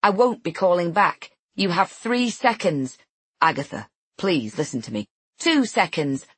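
A woman's voice: lowish voice, a little slow, breathy edge, no echo, full character voice. Woman voicing a firm male police negotiator. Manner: steady, coaxing, counting down.

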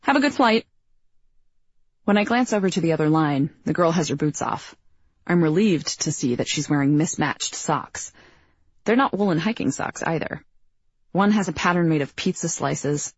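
A woman narrating a first-person audiobook in a wry, self-deprecating, expressive way. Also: low-pitched, moderate pace, breathy edge, dry recording, lo-fi sound.

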